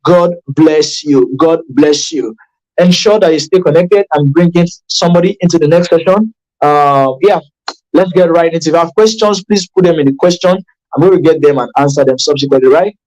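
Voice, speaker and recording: A man's voice: fairly quick, low-quality recording. A man coaching addiction recovery in a motivational online class. He talks emphatically and repeats himself, often restarting sentences and checking in with listeners. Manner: emphatic and repetitive, with sharp pitch jumps for stress; conversational, with frequent restarts and check-ins.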